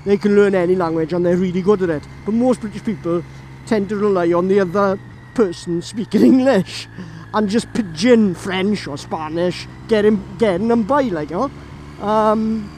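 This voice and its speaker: High-voiced Welsh man, chatty motovlogger. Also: darkish tone, a little hiss or hum, rough recording. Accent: Welsh, Llanelli. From Wales. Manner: chatty, laughs often, rambling. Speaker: motorcycle vlogger. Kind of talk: casual storytelling while riding. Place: on a moving motorbike outdoors.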